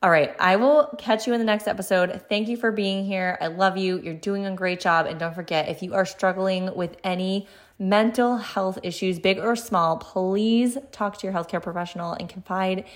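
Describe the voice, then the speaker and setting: A woman's voice: mid-range voice, steady tone, normal speed. A young woman hosting her own solo podcast, chatting earnestly and encouragingly with lots of casual fillers. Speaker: podcast host.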